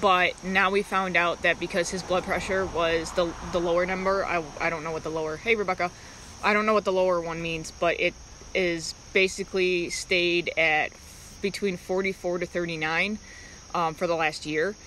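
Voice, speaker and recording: A woman chatting casually on a live stream, talking in halting, rambling stretches and breaking off to greet viewers by name. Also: lowish voice, steady tone, bright, forceful tone, a little hiss or hum, poor audio.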